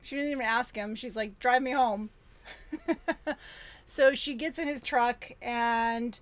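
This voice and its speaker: A woman with a slightly high voice tells a film's story in a loose, conversational way. She often laughs and slips into the characters' lines as she recaps. The tone is casual movie-night talk. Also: slow pace. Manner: retells film scenes with laughs, mimicking characters. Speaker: podcast co-host.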